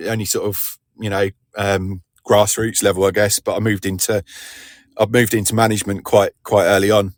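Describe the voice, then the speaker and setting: Podcast co-host: guy, very low voice, dry close sound, rambling modest chat. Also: level tone, a little fast, no room sound. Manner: rambling, self-deprecating, many restarts. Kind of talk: casual chat.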